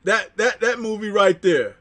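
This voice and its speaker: A man's voice: high-pitched, lively intonation, measured pace, a bit bright. A man hosting a livestream, reading chat aloud and reminiscing in slangy casual talk, laughing often.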